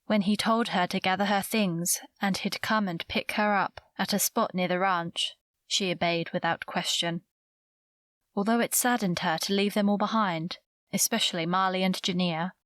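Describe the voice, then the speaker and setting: Reading scripted narration from a romantic suspense audiobook, a woman keeps a measured, even storytelling manner. Her mid-range voice is recorded close to the mic and sounds dry.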